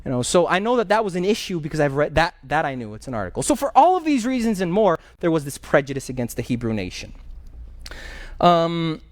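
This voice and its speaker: A pastor teaching a Bible class and taking questions from the group, telling stories with energy and repeating key phrases, sometimes stopping to search for a word. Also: male voice, fairly high pitch, big pitch swings, a little fast, dry recording.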